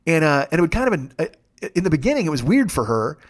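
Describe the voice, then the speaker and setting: A man's voice: on the high side, big pitch swings, fast. A man hosting his own show in a casual comic monologue, rambling and profane with a wry tone. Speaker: podcast host.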